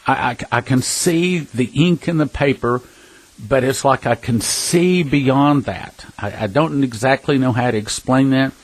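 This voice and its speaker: A man's voice: medium pitch, measured pace, dry recording, poor audio. A man giving an earnest, emphatic preaching talk, telling personal stories and addressing listeners as brothers and sisters. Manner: earnest, emphatic, with scattered restarts and chuckles. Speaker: prophecy ministry speaker.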